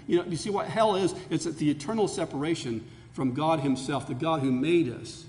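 An earnest male pastor preaches with a high voice that climbs for emphasis. His sermon rings out with long reverb in a church sanctuary. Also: brisk, few pauses, a little mellow.

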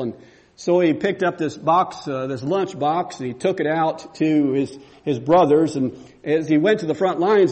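A man's voice: high-pitched, darkish tone. A man pastor preaching a sermon, repeating emphatic rhetorical questions.

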